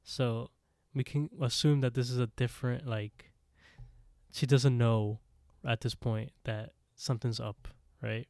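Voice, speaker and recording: A man in a casual podcast chat, walking through a story and circling back with lots of "like." His voice sits at an ordinary middle pitch. It sounds dry and close to the mic, with no room around it. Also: steady tone, unhurried, vocal fry, a little mellow, dry recording. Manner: rambling, full of "like" fillers and retold dialogue. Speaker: podcast co-host. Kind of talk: casual episode recap chat.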